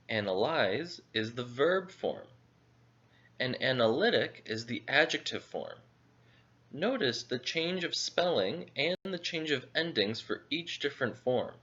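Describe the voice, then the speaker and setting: A man presenting a scripted vocabulary lesson as an English teacher, speaking with slow, deliberate enunciation. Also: mid-range voice, fairly bright tone. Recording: dull lo-fi audio.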